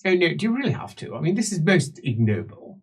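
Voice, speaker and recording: A man's voice: a little high, big pitch swings, fast, slightly rough, exaggerated voice. A man voicing a pompous, haughty guard officer with sneering, uppity posh speech. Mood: indignant.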